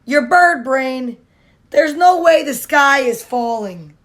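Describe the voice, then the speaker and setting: A woman's voice: high-pitched, animated, takes it slowly. Woman doing a sneering sly fox. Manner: snickering, mocking drawl. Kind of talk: storybook reading.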